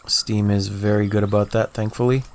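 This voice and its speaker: Male game streamer, lowish voice, relaxed think-aloud chatter to chat, slight cough. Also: moderate pace, a little hiss or hum. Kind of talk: casual livestream chat.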